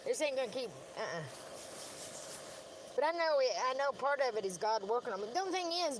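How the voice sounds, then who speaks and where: A woman's voice: sits high, animated, a little fast, a little hiss or hum. A woman ranting on a livestream, rambling and combative, with heavy swearing.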